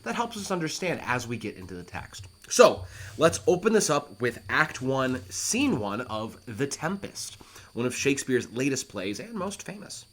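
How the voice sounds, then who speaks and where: A man teaching a play line by line, animated and reassuring, who breaks into acted quotes as he explains. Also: mid-range voice, moderate pace. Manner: talks straight to the student, reassuring.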